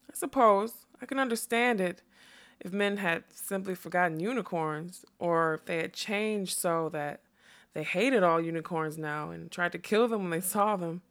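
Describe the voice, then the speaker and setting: A woman's voice: normal speed, lightly acted. A woman voicing a proud, ageless female unicorn in a storybook reading, haughty and rising sharply when offended. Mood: wondering. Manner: haughty, jumps high when indignant.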